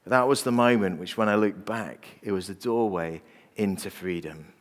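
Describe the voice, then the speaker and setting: A man, preaching a sermon as a pastor and telling personal stories earnestly. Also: medium pitch. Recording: long reverb of a large hall.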